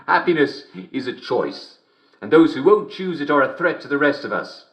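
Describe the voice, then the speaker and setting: An actor playing a gleeful, smugly cruel middle-aged English television host in a video game, who giggles constantly between lines. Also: male voice, a little high, expressive, moderate pace, a bit bright. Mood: jovial, mocking. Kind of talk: video game character performance. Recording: roomy echo.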